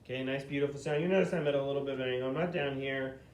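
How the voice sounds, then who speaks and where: There is a little hiss or hum behind a man's mid-range voice with fairly even intonation as he teaches beginner flute. He goes step by step through hand positions, patient and slow, with frequent "okay?" check-ins.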